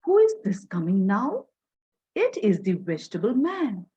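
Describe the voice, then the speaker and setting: A woman teacher with an Indian English accent talks children through a story lesson, slow and very lively in pitch. Her voice is a little husky, and the recording sounds dull and lo-fi. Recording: dull lo-fi audio.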